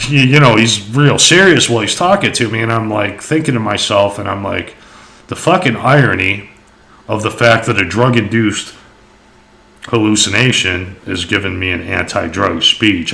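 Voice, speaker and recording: A young man tells a personal story casually, rambling and swearing with plenty of fillers. His voice is very low but bright and forceful. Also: gravelly. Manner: rambling, profane, many fillers.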